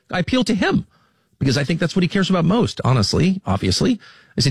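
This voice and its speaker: An American man speaking as an interview guest, emphatic and indignant, with frequent restarts and sharp rises in pitch. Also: wildly swooping pitch, quick pace, creaky, slightly rough, dry recording. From United States. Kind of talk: heated conversational interview.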